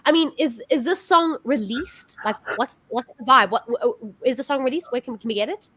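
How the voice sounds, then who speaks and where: A woman's voice: high-pitched, brisk, fairly bright tone, husky. A woman hosting a casual music chat, bubbly and gushing, with many fillers and restarts. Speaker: host.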